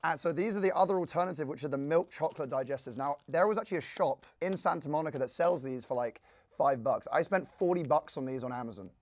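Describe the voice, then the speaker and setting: A man's voice: fairly high pitch, fast. British man, podcast co-host, playful and teasing, laughs a lot. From United Kingdom. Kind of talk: casual chat.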